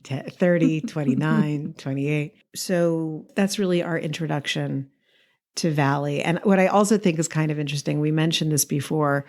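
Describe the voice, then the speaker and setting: Low-voiced woman telling stories on a podcast. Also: moderate pace. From New York. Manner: lively, laughs often while telling stories. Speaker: podcast co-host. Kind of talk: casual storytelling chat.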